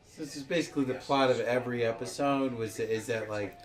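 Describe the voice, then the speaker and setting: A man co-hosting a podcast, asking curious questions in a relaxed movie-review chat. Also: mid-range voice, fairly quick. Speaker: podcast co-host. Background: movie soundtrack and music.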